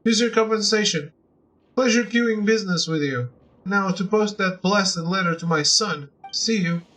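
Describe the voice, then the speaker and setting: A man's voice: sits high, normal speed, a bit bright, low-quality recording. A man voicing a fussy, unlucky middle-aged father with old-fashioned, rambling speech. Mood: flustered. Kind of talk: reading game dialogue aloud.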